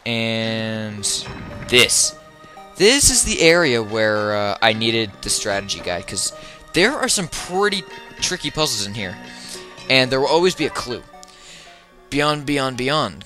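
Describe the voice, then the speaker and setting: A man giving casual, rambling, jokey gameplay commentary from home, breaking into loud excited yelps. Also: mid-range voice, slow pace, pauses often. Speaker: let's player. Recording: video game music playing behind.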